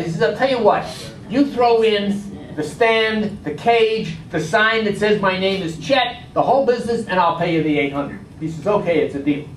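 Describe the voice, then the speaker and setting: An older man telling a long joke to a club audience, animated and acting out the characters' voices. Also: high voice. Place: large room at a club meeting. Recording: echoey hall from far off, faint noise.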